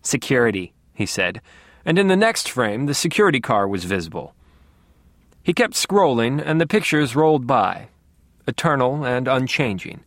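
Wry, animated male audiobook narrator. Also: mid-range voice, no room sound. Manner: dry, wry. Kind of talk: first-person audiobook narration.

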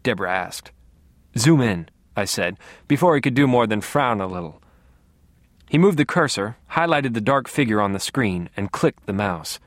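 A man's voice: on the low side, animated, moderate pace, no room sound. A man narrating a first-person audiobook in a dry, wry manner.

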